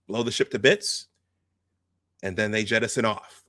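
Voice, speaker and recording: A man's voice: mid-range voice, lively intonation, moderate pace, pauses often, fairly bright tone, dry recording. A man hosting a video, casually recounting film scenes step by step and quoting the lines as he goes. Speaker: host.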